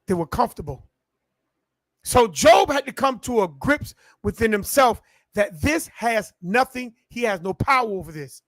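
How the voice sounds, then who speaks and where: A man's voice: very high-pitched, lively intonation, moderate pace, fairly bright tone, dry recording. A man preaching a sermon in call-and-response style, stretching words and building to peaks.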